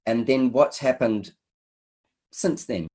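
Host interviewer, mid-pitched, encouraging, chatty questions. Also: takes it slowly, dark tone, slightly rough. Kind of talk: casual interview.

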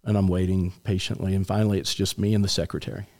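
A man in his sixties telling anecdotes as a guest on a radio talk show, relaxed and full of restarts. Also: sits low, fast talker. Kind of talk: storytelling in a radio interview.

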